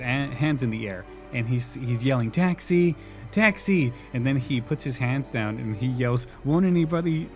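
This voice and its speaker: A man hosting a casual podcast, retelling scenes from a TV episode and laughing often as he quotes the characters. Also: mid-range voice. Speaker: podcast host. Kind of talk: casual recap chat.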